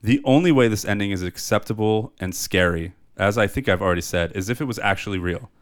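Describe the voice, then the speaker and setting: A man's voice: lowish voice, quick pace. A man co-hosting a podcast in casual chat, ranting and swearing as he talks. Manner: ranting, profane, animated. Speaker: podcast co-host.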